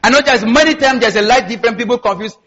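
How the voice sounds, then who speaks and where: High, bright-voiced preaching man. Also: fast, slightly rough, dull audio. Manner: emphatic preaching with call-and-response asides. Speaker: pastor. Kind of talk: sermon.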